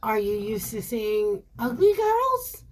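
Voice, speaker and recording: Woman storytelling on her vlog, high voice, slow, keeps repeating herself, says y'all a lot. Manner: animated, repeats herself, addresses viewers as y'all. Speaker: vlogger telling a personal story. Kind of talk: casual storytelling to viewers.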